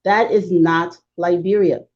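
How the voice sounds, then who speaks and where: A woman speaking as a guest on a talk show, explaining history in an emphatic, lecturing way with fast bursts. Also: fairly low pitch, fairly even intonation, a little mellow, highs cut off.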